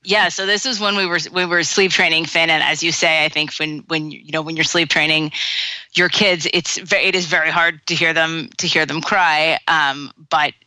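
A woman being interviewed as an author, explaining in a measured way with frequent restarts. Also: low-pitched, fairly even intonation, sharp tone, no room sound, rough recording. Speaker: author and guest. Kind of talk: conversational interview.

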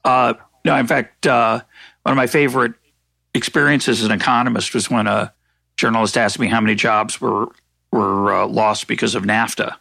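A man hosting an interview podcast as an economist, speaking thoughtfully and acting out quoted exchanges in a higher voice. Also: steady tone, moderate pace, gravelly, sharp tone, no room sound. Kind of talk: conversational interview.

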